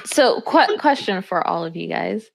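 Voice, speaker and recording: A woman's voice: fairly low pitch, animated, a little slow, vocal fry, no echo, low-quality recording. A woman chatting casually on a podcast, skeptically questioning others. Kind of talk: casual chat.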